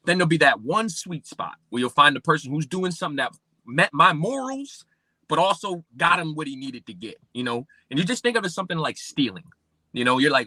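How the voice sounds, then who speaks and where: Bright-voiced man telling his story. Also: big pitch swings, brisk, no room sound. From Pennsylvania. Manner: acts out remembered dialogue with big pitch swings. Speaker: podcast guest. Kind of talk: personal storytelling in an interview.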